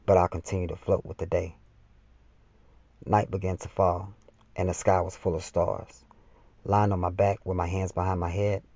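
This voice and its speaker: Male author-narrator, gravelly and low, dry close sound on a dull lo-fi track. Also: darkish tone, no echo. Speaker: author reading his own novel. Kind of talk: first-person audiobook narration. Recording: slightly dull, dry lo-fi recording.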